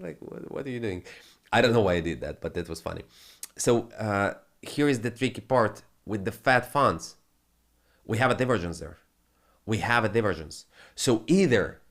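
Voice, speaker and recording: Profane, ranting male crypto host. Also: fairly low pitch. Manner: profane, animated, non-native phrasing. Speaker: crypto trading channel host. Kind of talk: ranting market commentary.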